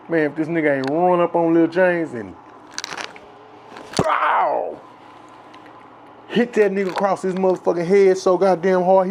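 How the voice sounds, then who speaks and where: A man's voice: high voice, a little hiss or hum. Rowdy, profane man telling stories. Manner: profane, rambling, filler-heavy; grows loud and excited with laughs. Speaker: host telling a childhood story. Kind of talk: casual storytelling.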